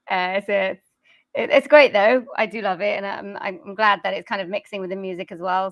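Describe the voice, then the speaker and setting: A woman's voice: medium pitch, vocal fry, dry recording. A woman from South Wales with a general British accent, a singer and voice-over artist chatting modestly and hesitantly in an interview, laughing often. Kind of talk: casual interview chat.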